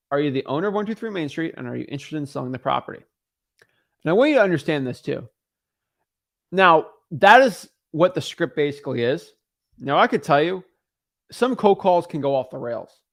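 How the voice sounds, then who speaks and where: A young man teaches cold calling on a live stream, hammering each point with blunt repetition. His voice sits somewhat high for a man, and he leans hard on every key phrase. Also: vocal fry. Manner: emphatic, repetitive, acts out callers' voices. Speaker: real estate wholesaling coach.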